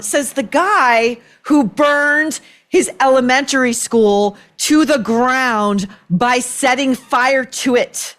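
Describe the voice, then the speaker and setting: A woman's voice: high voice, takes it slowly, fairly bright tone. A woman hosting an opinion commentary show, talking in a sarcastic, indignant, worked-up way. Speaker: podcast host.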